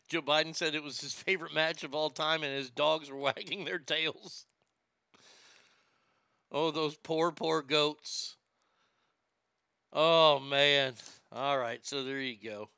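A man's voice: on the high side, fairly even intonation, slow, gravelly, long pauses, bright, forceful tone, clean tone, dry recording, studio quality. A man hosting a comedic talk show, laughing often and stammering as he jokes crudely. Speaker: radio show host.

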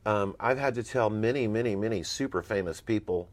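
A man's voice: on the low side, brisk. A man, a former talent agent, telling blunt, emphatic stories as an interview guest. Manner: emphatic, blunt, animated storyteller.

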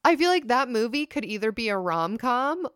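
A woman's voice: fairly high pitch, sing-song, moderate pace, a bit bright, clear, resonant tone, no echo, studio quality. A young woman co-hosting a podcast, chatting expressively and swearing casually. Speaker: podcast co-host. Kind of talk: casual chat.

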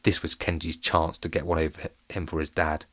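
A man narrating a children's story in a playful, animated and comic way. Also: rumbling low, brisk, dry recording.

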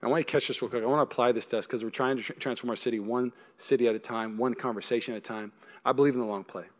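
A male pastor preaching a sermon to a congregation, emphatic and animated, swinging between loud punchy lines and hushed ones, with humorous storytelling. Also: medium pitch, rapid-fire. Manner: humorous storytelling with acted-out asides. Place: church service before a congregation.

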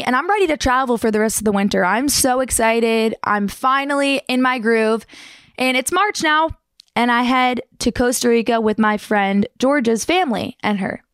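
A young woman from New Jersey telling her own surfing story in a fast, chatty, animated way with casual slang. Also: fairly high pitch, no room sound, studio quality. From New Jersey, United States. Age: young adult.

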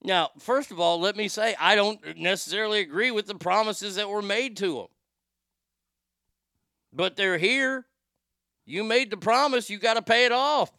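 Brash, bright-voiced man with a slight creak. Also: high voice, normal speed, pauses often, dry recording, clean studio sound. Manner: brash, profane, rambling. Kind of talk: casual opinionated monologue.

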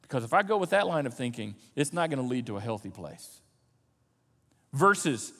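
A man preaching a sermon as pastor, animated, swinging from loud emphasis to soft, low asides. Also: moderate pace, big-room sound. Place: church sanctuary.

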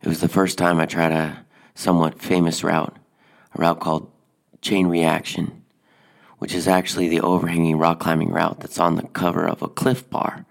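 A man telling a personal anecdote in a deadpan, hesitant way, with frequent fillers. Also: sits low, moderate pace, gravelly. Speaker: storyteller.

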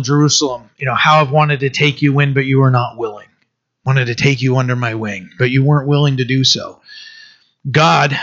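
A man preaching a sermon in a halting way, with many fillers and restarts. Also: mid-range voice, fairly bright tone, lo-fi sound. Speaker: pastor.

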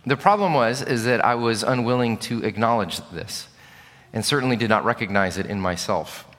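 A man's voice: mid-range voice, normal speed, a bit bright. A middle-aged male pastor preaching a sermon with earnest, candid storytelling. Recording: long reverb of a large hall.

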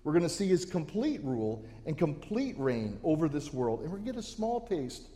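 A man's voice: a little high, big pitch swings, fairly quick, mellow, long reverb tail. A pastor preaching a sermon to his church, earnest and given to restarting his phrases. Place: church sanctuary.

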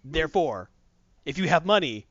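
An impatient, mercenary woman scientist who brushes people off in a flat, matter-of-fact way, as a man puts her on. The voice is bright and lively. The recording is dry and lo-fi. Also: fairly high pitch, moderate pace, no echo. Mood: dismissive.

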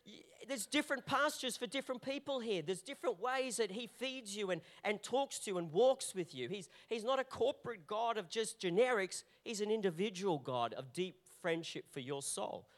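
Man, pastor, sermon, high voice, animated, repeats and restarts phrases. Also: normal speed, few pauses. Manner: animated, repetitive preaching with frequent restarts.

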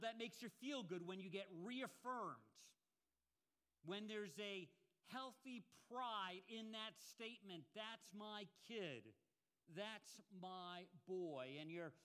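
Male pastor, higher pitch, smooth clear tone, earnest sermon storytelling. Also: sharp tone. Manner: earnest storytelling with slow emphatic quotes.

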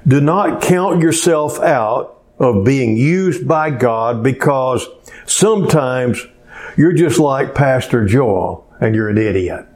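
A man's voice: medium pitch, a little mellow. A male pastor preaching a folksy, conversational sermon full of rhetorical questions to his congregation.

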